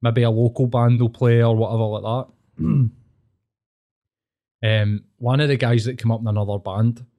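A man's voice: mid-range voice, fairly even intonation, normal speed, long pauses, mellow. A middle-aged man with a Scottish accent, hosting a casual podcast and telling a crude story with lots of swearing and laughter. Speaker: podcast host.

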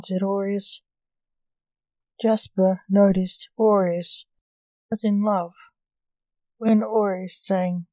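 A woman reads a short story aloud at an unhurried, measured pace. Her tone is soft and dark. The recording is close and dry. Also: medium pitch, flat delivery, no echo, poor audio. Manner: slow, measured reading.

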